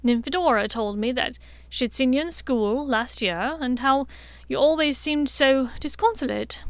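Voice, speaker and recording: Friendly motherly witch, read by a woman, clear higher voice, dry sound. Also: no echo, close to an everyday voice. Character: warm middle-aged witch, motherly and direct.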